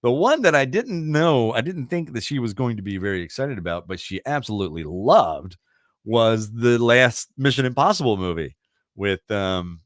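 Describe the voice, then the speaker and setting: Lively rambling man in his fifties. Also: mid-range voice, moderate pace, dry recording, clean studio sound. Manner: rambling storyteller, laughs easily, self-deprecating. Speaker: radio show host. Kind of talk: casual chat.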